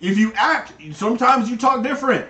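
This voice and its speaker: A man's voice: extremely high pitch, brisk, bright, forceful tone, recorded from a distance. A man co-hosting a casual livestream, ranting heatedly and swearing often. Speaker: stream co-host. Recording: roomy, off-mic sound.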